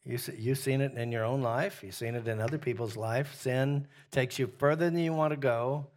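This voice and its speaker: A man's voice: medium pitch, fairly even intonation, normal speed, darkish tone. A man with a mid-range voice teaches scripture to a gathered group. He speaks loosely and conversationally, stopping on "uh" and asking the room what they think. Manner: asks the group questions, frequent "uh" fillers. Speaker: pastor teaching a Bible study.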